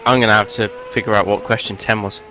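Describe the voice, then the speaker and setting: Bright-voiced man with dry banter. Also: on the low side, flat delivery, quick pace, low-quality recording. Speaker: race broadcast co-host. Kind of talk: casual live broadcast chat.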